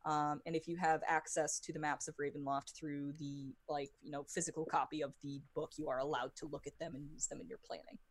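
A woman narrating as game master, with many pauses and fillers. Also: low-pitched, little pitch movement. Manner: halting, many fillers and restarts.

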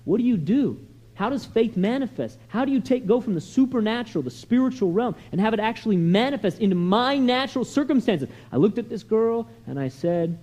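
A man preaching a sermon in a conversational, storytelling way, sliding from soft asides to loud, emphatic lines. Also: high voice, very animated, a little fast. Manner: conversational storytelling with many "you know" and "right?" asides. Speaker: pastor.

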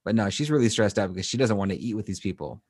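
A man with a lowish voice chats casually as a podcast co-host, retelling an anime episode. He rambles and restarts with plenty of fillers. The sound is dry and close, with no room in it. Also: racing, a little mellow, breathy edge, no echo.

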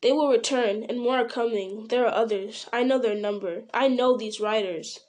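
A woman voicing a grim, watchful male ranger in an audiobook, speaking in a measured, sometimes sharp way. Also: on the high side, close to an everyday voice. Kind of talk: audiobook character reading.

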